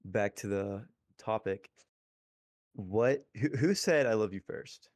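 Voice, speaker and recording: A man hosting a casual podcast, relaxed, asking questions and laughing easily. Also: lowish voice, slow. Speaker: podcast host.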